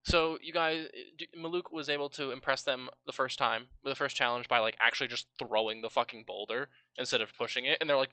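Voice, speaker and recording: A man's voice: mid-range voice, fairly quick, few pauses, pushed and bright, no room sound. A man as game master, recapping a tabletop game on a livestream in a casual, rambling way, with swearing and many fillers.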